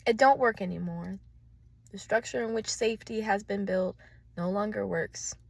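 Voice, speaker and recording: A woman talking through her fears in a raw, profane confessional vlog, swinging between hushed and loud. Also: mid-range voice, moderate pace, vocal fry, breathy edge, no room sound. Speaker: vlogger.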